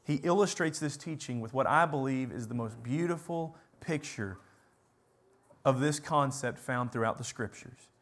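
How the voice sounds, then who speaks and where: A man preaching a sermon, animated, moving between loud emphatic lines and hushed ones, with sarcastic asides. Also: mid-range voice, moderate pace.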